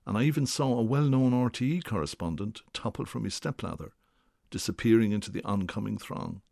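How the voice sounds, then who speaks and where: A man reading a first-person radio essay in a measured, storytelling way. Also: fairly low pitch, creaky, darkish tone, no echo, studio quality.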